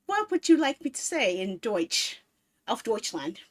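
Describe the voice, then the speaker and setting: A woman's voice: on the high side, big pitch swings, a little slow, a little hiss or hum. A woman in her thirties streaming a casual chat, rambling playfully and laughing often. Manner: playful, silly baby talk.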